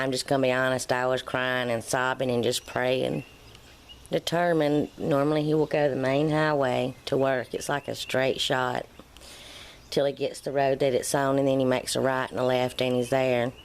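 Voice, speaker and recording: A woman's voice: extremely low pitch, clean tone. A middle-aged woman, vlogging in a casual storytelling way and acting out the dialogue as she tells it. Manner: animated, acts out quoted dialogue.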